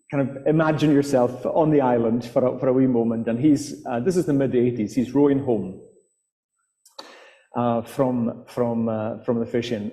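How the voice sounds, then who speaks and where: Mellow Scottish man telling stories. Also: medium pitch. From Outer Hebrides, Scotland. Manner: hesitant, with frequent fillers and restarts. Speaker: author and guest speaker. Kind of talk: storytelling talk to a live audience. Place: festival hall. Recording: reverberant hall on live mic.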